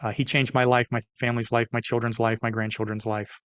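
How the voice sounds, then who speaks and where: An older man, a guest in an interview, telling a personal story in a casual, animated way. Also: mid-range voice, fast talker, smooth, no room sound.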